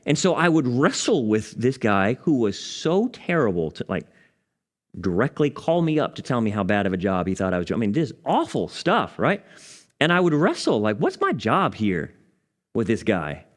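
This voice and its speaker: A man pastor, teaching a Bible study and telling a personal story, dropping low and soft at solemn moments. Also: very animated, normal speed. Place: church.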